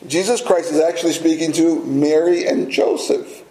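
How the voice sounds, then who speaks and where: A man's voice: fairly high pitch, steady tone, moderate pace, few pauses, dark tone. A man preaching a sermon in a conversational way, often asking the listeners questions. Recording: echoey room.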